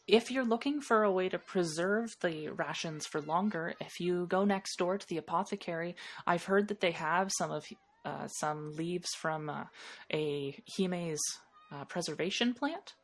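A helpful, chatty shopkeeper woman, voiced by a woman running the game, with a slightly low voice. She rambles through her advice with plenty of fillers. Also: a little slow. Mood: friendly.

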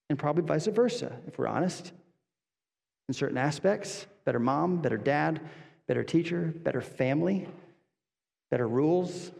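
A pastor preaches an expository sermon in a slightly high, creaky voice with a darkish tone, earnest and emphatic. He repeats lines and asks rhetorical questions amid the long reverb of a hall.

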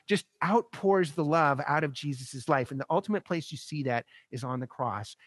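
A male pastor delivers a sermon in a fairly high voice, with a close, dry sound. He climbs to emphatic, raised peaks on repeated rhetorical phrases, then sinks soft and low. His delivery swells and falls in waves. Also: no echo.

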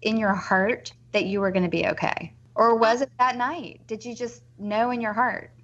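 A woman's voice: fairly high pitch, fairly even intonation, normal speed, a bit bright. A woman host interviewing a guest, effusive and encouraging. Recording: dull lo-fi audio.

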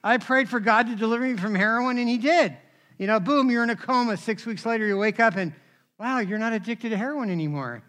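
Male pastor, high and bright, animated storytelling sermon, keeps asking the congregation to respond. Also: brisk. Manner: animated, conversational, asks the crowd for responses. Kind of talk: sermon with personal stories.

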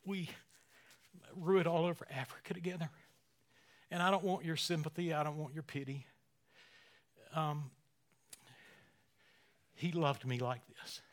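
A man in his sixties preaching a sermon, emotional, dropping to near-whispers and rising to loud, fervent emphasis, slowing on key phrases. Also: on the high side, fairly even intonation. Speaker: pastor.

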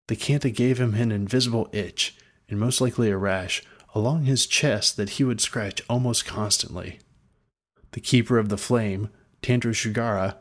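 A man reading a fantasy story aloud in a dry, wry storytelling manner. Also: fairly low pitch. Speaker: narrator. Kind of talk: scripted fantasy narration.

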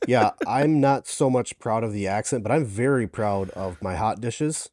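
Podcast co-host, man, Minnesotan accent, mellow tone, relaxed and friendly. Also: lowish voice, moderate pace. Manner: friendly, relaxed, easy laughter. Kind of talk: casual podcast chat.

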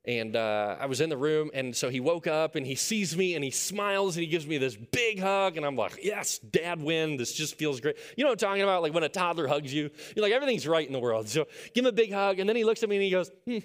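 Storytelling pastor, hushed to excited. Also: male voice, on the high side, quick pace, hardly any pauses. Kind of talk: sermon.

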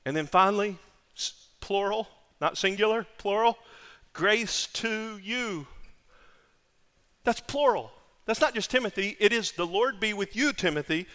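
A male pastor preaching with emphasis, his voice high and bright, leaning hard on repeated phrases. His words ring out with a long hall reverb behind them. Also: animated, moderate pace. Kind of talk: sermon.

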